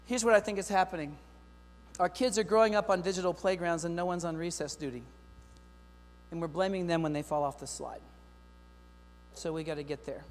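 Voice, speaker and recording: A middle-aged man giving a lively, joking keynote talk to teachers, speaking straight to the audience. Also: fairly high pitch, brisk, pauses often. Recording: long hall reverb with faint mains hum.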